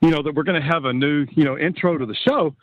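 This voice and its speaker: Call-in listener from Texas, male, slightly high, chatty and rambling, dry sound. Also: fast, dry recording, narrow, tinny audio. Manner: chatty, with repeated fillers and restarts. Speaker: caller. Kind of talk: casual call-in chat.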